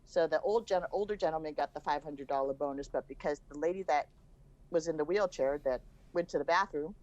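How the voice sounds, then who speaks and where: A woman's voice: deep voice, a little fast, highs cut off. A middle-aged woman, a guest on a podcast, telling a story casually and acting out the voices she quotes. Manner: animated, acts out quoted voices. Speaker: podcast guest, a host's mother.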